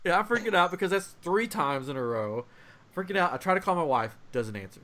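Casual podcast host, young man, animated storyteller, slightly higher voice, acts out quotes. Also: fairly quick.

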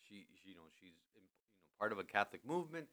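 A man hosting a podcast in a studio, talking through a scripture passage in a relaxed, chatty way with many restarts. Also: lowish voice, quick pace. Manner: animated, lots of restarts and "you know". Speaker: podcast host. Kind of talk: conversational scripture commentary. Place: studio in a building with thin walls.

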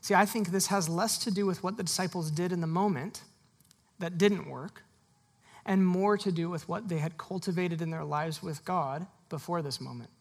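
Husky, laughing conversational preacher. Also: mid-range voice, normal speed. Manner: conversational, laughs often, acts out the people in the story. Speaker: pastor. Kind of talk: sermon.

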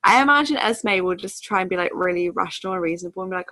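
A woman's voice: lowish voice, fast, a bit bright, no echo. A woman co-hosting a podcast, chatting casually about a book and acting out quotes in silly voices. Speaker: podcast co-host.

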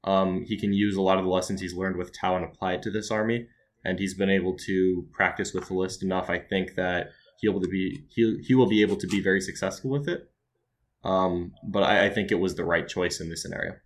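A man in casual chat, calmly explaining game strategy with frequent fillers. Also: sits low, fairly quick.

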